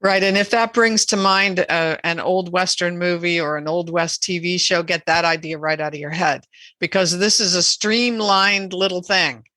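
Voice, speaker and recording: A woman guest on a podcast interview, explaining in a measured, earnest way. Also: fairly low pitch, fairly even intonation, pushed and bright, dry recording. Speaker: animal rights advocate guest.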